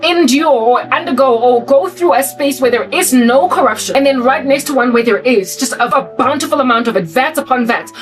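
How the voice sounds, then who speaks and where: High-voiced South African woman ranting. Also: brisk, few pauses. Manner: animated, preachy, repeats rhetorical questions. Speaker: Christian vlogger. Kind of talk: ranting satirical monologue to camera. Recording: voice distant from mic, faint music behind.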